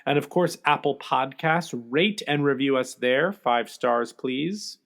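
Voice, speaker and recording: A man co-hosting a podcast in casual chat, talking in a halting way with many filler sounds. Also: mid-range voice, animated, creaky, a bit bright. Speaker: podcast co-host.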